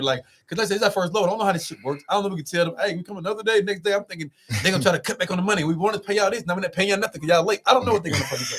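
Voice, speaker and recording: A young man telling a road story in casual, animated talk, swearing as he goes. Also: high-pitched, slightly rough. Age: young adult. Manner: animated, swearing, quick rambling with loud swings. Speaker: guest.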